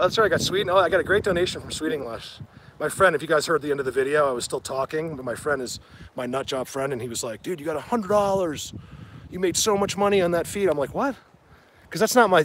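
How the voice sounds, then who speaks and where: A man's voice: a little high, slight background noise. Rambling man livestreaming on a walk. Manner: rambling, excitable, addresses viewers. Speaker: livestream host. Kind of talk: casual livestream chat. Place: outdoors in woods during rain. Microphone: handheld phone.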